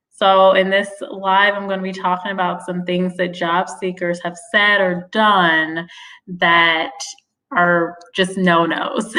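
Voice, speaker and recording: A woman's voice: lowish voice, bright, forceful tone. A woman hosting a casual live-stream chat about job interviews, talking freely and laughing often as she greets viewers. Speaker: career vlogger discussing job interviews.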